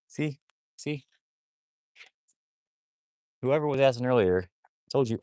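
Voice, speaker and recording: A wolfdog rescuer and live streamer talks to his wolfdogs and viewers in a casual vlog, his medium-pitched voice expressive, slow, and dark in tone with long pauses. He scolds the dogs using slang and swearing, calling them crazy and repeating "that's crazy, bro."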